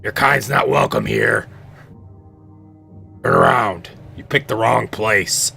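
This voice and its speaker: A man's voice: lowish voice, wildly swooping pitch, slow pace, vocal fry, sharp tone, breathy edge, faint music behind, exaggerated voice. A man voicing a noseless, rot-toothed male hobgoblin barkeep who mocks and threatens, then turns falsely friendly. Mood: mocking.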